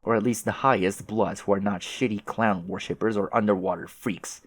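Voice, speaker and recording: A man's voice: fairly low pitch, steady tone, normal speed, lightly acted. A man voicing a haughty, sarcastic teenage girl troll who schemes and taunts. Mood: scheming. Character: snooty haughty female teen troll schemer.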